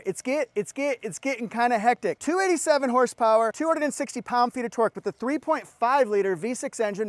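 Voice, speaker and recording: A man's voice: high-pitched, a little mellow, no room sound. A middle-aged man giving an upbeat, enthusiastic walkaround review of a car at a dealership, exclaiming as he points out features.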